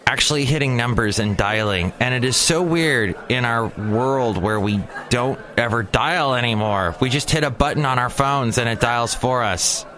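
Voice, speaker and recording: A man's voice: medium pitch, normal speed, hardly any pauses, sharp tone. A tired man hosting his daily comedy podcast early in the morning, rambling jokily on his own. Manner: rambling, jokey, slips into silly voices. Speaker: podcast host. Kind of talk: solo comedy podcast monologue.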